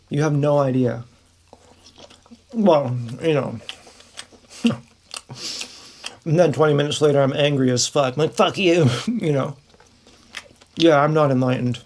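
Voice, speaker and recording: A man's voice: on the high side, measured pace, pauses often, a little mellow. A man vlogging in a frank, rambling monologue to camera, swearing freely and laughing often.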